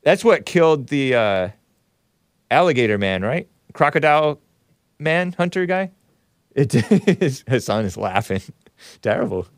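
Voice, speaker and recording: A man's voice: medium pitch, very animated, measured pace, long pauses, no echo, studio quality. A man hosting a call-in talk show, rambling with wry asides and frequent self-corrections. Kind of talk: casual call-in show chat.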